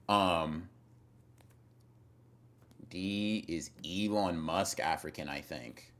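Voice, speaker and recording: A man's voice: deep voice, steady tone, a little slow. A young man streaming live, reading chat and teasing viewers in a rambling, casual way with lots of fillers and repeated words.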